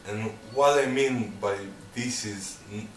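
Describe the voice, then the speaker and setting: Slow-talking man teaching drum sticking. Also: lowish voice, a little hiss or hum. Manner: counts beats aloud, loose non-native phrasing. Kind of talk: instructional demonstration. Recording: echoey room, mic at a distance, loud clatter.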